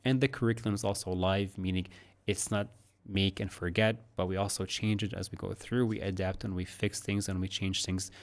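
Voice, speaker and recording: A man teaching English pronunciation, repeating model sentences slowly in segments and explaining intonation in a casual, conversational way. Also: deep voice, steady tone. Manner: slow deliberate model sentences broken into segments, casual asides. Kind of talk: recorded one-on-one lesson with screen annotation.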